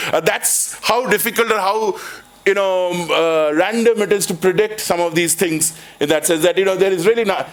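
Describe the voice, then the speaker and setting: A man with an Indian English accent lectures to a room, his voice pitched fairly high. He rambles through examples with many restarts and fillers. He slips into storytelling with dry jokes. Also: moderate pace. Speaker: finance professor. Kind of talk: university lecture with anecdotes. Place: lecture hall.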